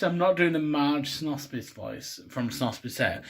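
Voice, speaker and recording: A man's voice: a little high, lively intonation, measured pace. A man hosting a comic vlog, rambling and swearing as he retells a cartoon episode with laughs. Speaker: host.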